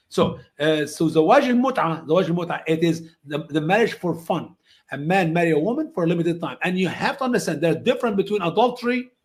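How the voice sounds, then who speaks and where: Emphatic man, high voice, English. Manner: non-native English, emphatic, acts out quoted voices high. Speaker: guest answering questions. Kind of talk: animated storytelling answers.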